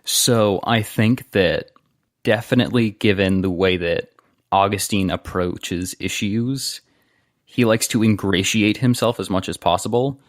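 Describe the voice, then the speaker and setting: A man playing a tabletop game, describing his character's actions in a relaxed, thinking-aloud way. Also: lowish voice, unhurried, dry recording, clean studio sound. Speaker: player.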